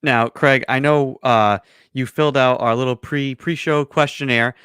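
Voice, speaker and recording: A male radio host with a mid-pitched voice asks his guest playful, teasing questions. The studio sound is dry and close, with no room echo. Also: fairly even intonation, moderate pace, fairly bright tone, smooth. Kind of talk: casual radio interview.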